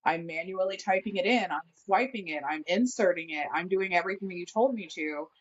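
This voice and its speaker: A woman with a lowish voice tells a long story in casual podcast chat. She is animated and acts out what people said. The sound is dull and lo-fi. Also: brisk. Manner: animated, acts out quotes while telling a story. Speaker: guest friend.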